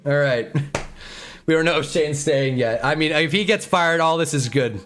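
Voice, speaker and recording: A man hosting a live stream, ranting about his football team with profanity and rapid rhetorical questions. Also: a little high, soft background music. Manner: flat, deflated muttering. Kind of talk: heated live-stream sports rant.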